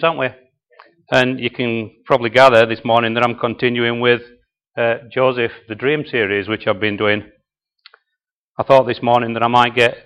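A man's voice: mid-range voice, fairly bright tone, clean tone. A man preaching a sermon and often asking the congregation questions. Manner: conversational, asks the congregation questions.

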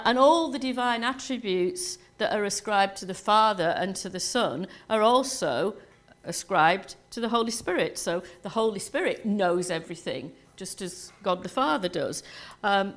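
A woman pastor giving a sermon to her church in a relaxed, conversational way, full of "you know" and "um". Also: mid-range voice.

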